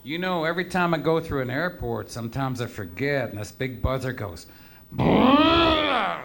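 A man tells rambling, profane stories to a live audience, his manner wry and offhand. He speaks fairly quickly, with a medium-pitched, slightly bright voice.

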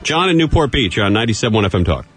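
Brisk, lively radio host. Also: male voice, fairly low pitch, soft background music. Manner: brisk, dry, teasing callers. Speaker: radio talk show host. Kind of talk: call-in show hosting. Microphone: studio microphone.

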